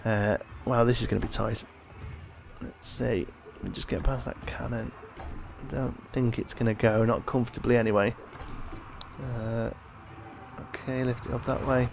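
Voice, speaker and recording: Tired, gravelly man narrating gameplay. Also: mid-range voice, measured pace, noisy background. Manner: thinking aloud, relaxed and chatty. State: tired, yawning. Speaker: let's play host. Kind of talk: casual gameplay commentary.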